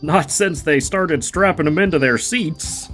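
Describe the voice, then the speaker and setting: A streamer doing a rambling guard. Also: male voice, fairly high pitch, a little slow, a bit bright, soft background music. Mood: chatty. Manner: folksy, rambling, fussy apologies. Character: chatty nosy male studio security guard.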